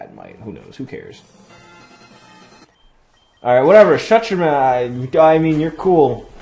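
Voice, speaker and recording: A man giving excitable let's play commentary over a video game, swearing a lot and breaking into loud outbursts. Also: medium pitch. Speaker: gaming channel host. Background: faint game music.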